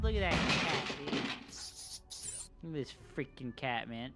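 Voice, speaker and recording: A woman streaming a game, chatting casually with viewers in an excitable, profane, joking manner. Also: low voice, a little slow, loud music behind the voice. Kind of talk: casual live-stream chat.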